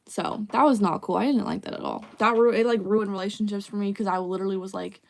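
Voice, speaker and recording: Young female streamer, casual live chat, blunt and profane, mid-range pitch. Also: steady tone, fast, creaky. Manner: candid, frequent swearing. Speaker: livestreamer.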